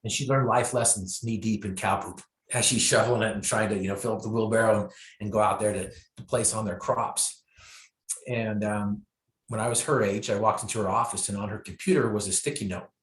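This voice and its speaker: A man's voice: lowish voice, fairly even intonation, fairly quick. A man telling his story as a motivational speaker, emphatic and repeating key phrases for effect. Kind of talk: inspirational storytelling. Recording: echoey room.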